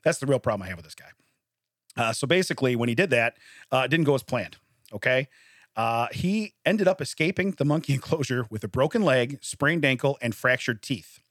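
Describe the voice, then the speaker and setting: A man co-hosting a casual chat show, reading odd news stories aloud, laughing often and telling them in a lively way. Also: mid-range voice, brisk, dry recording, studio quality. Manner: laughs often, animated storytelling. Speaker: podcast co-host.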